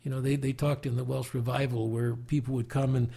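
An older man from the United States talks in an unhurried, earnest way, restarting phrases and chuckling softly. His voice carries a gravelly rasp and a husky breathiness. He sounds like a seasoned preacher reflecting in conversation. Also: medium pitch, level tone. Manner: earnest, emotional, with warm chuckles and halting restarts. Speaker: guest preacher.

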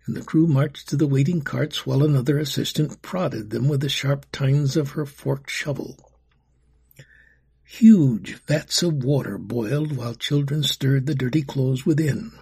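A man's voice: medium pitch, a little slow, vocal fry, darkish tone, husky. A man reading a storybook aloud in a dramatic way, often dropping to a whisper. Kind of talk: storybook narration.

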